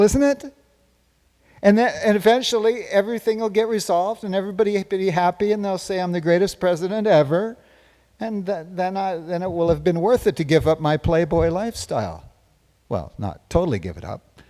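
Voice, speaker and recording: A boastful, rambling older president with a hippie streak, as a man plays him on stage. The voice sits a little high for a man and meanders from brag to brag. The sound carries a long hall reverb from a live stage. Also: dark tone, close to an everyday voice. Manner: boastful, rambling, self-praising. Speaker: stage performer in a one-man comedy show. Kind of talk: live stage parody monologue with audience questions. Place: stage before a live audience.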